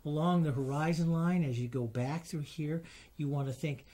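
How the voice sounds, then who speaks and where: A middle-aged man giving a gentle, enthusiastic painting demonstration, often calling the work beautiful while showing each stroke. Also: fairly high pitch, fairly even intonation, moderate pace. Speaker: painting instructor.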